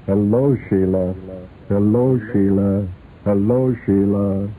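A man voicing a life-size talking doll that greets in a slow, flat, repetitive way, on a tinny lo-fi radio recording. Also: on the low side. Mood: mechanical. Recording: tinny lo-fi radio with faint hiss.

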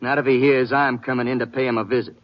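A man's voice: medium pitch, fairly even intonation, fast talker, close to an everyday voice. Cocky gunslinger, played by a guy, cool and threatening drawl, muffled old radio. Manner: swaggering, cool. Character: cocky young gunslinger, menacing. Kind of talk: 1950s radio drama acting.

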